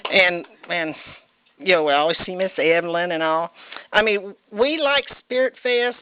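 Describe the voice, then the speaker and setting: A woman's voice: on the low side, dull audio. A woman preaching a casual, folksy sermon, chatty and rambling, with self-deprecating laughs. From Indianapolis, United States. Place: church sanctuary.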